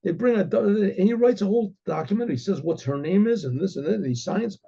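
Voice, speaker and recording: A man, a rabbi, telling a story in a rambling way, often clearing his throat and restarting sentences. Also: high voice, lively intonation, quick pace, dark tone. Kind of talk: oral storytelling. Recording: dull lo-fi recording.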